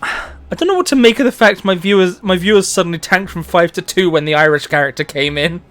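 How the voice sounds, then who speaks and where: A game streamer chats in a casual, excitable way, laughing and swearing as the game goes on. The pitch jumps around a lot, and quiet game music plays underneath. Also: a little fast. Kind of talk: casual let's-play chat.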